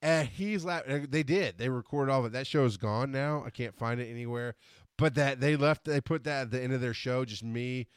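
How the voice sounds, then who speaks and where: A man hosting a podcast, telling a story in a casual monologue, animated and quick to laugh as he acts out scenes. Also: medium pitch, clean tone, no room sound, clean studio sound. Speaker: podcast host.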